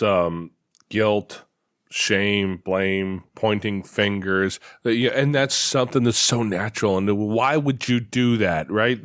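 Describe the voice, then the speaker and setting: A podcast host with a rather low voice leads a conversational interview from his home office, reflecting and telling stories while repeating words as he works through his thoughts. The recording has studio quality and no echo.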